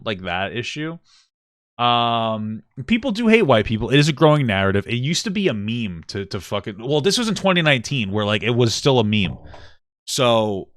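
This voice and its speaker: A man's voice: fairly low pitch, a bit bright, dry recording, clean studio sound. A young man talking through a live stream reaction, blunt, irritated at times, swearing and saying "like" a lot. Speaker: livestream commentator reacting to a video.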